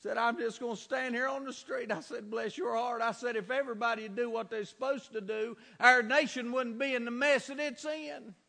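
Male pastor, fervent sermon delivery, gravelly edge, reverberant hall. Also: very high voice, steady tone, normal speed, few pauses. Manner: fervent preaching, rising to shouts; folksy storytelling.

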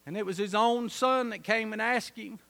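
High bright folksy preacher. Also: male voice, moderate pace, vocal fry. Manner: folksy preaching, swings from soft to shouting. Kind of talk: sermon.

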